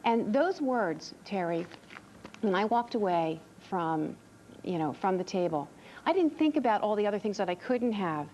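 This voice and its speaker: A woman's voice: medium pitch, very animated, normal speed, darkish tone, slight background noise, poor audio. A woman author answering interview questions on a TV show in an earnest, reassuring way, often repeating words as she thinks. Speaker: author and parenting expert guest.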